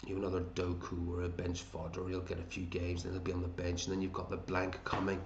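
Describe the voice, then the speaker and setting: Man, deep voice, casual matey commentary, echoey room. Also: completely flat delivery, fast, creaky, highs cut off, slight background noise. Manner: chatty, matey, thinks aloud, hums to himself. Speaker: fantasy football league host. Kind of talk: casual commentary over a screen.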